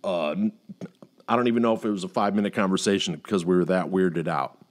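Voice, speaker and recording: This is a middle-aged man in a loose podcast chat, spinning an anecdote and jumping into quoted voices as he goes. His voice sits a little low, and he curses freely. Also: fast. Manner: animated storyteller who swears freely and acts out quotes. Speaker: podcast host. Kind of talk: casual storytelling chat.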